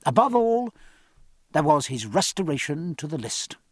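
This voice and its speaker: Male audiobook narrator, lively intonation, slightly high voice, dry close recording. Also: no echo. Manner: expressive, measured literary reading.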